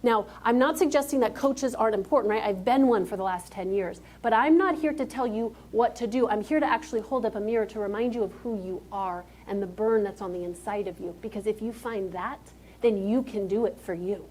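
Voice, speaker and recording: A woman with a mid-range, slightly mellow voice gives a motivational keynote at a slightly fast pace. She's emphatic and direct, calling out to the crowd in front of her.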